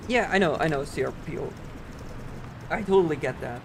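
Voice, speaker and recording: Over game music and some background noise, a streamer with a German accent chats rambly and casually with his audience, dropping "like" frequently. The speedrunner's voice is fairly high and creaky, slightly fast, with lively intonation.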